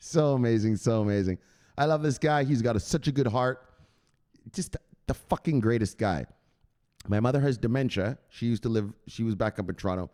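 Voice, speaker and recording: A man hosting a crypto channel, chatting excitedly and profanely, who shouts out exclamations and then drops to low mutters. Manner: swings between loud bursts and low mutters. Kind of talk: excited unscripted livestream chat.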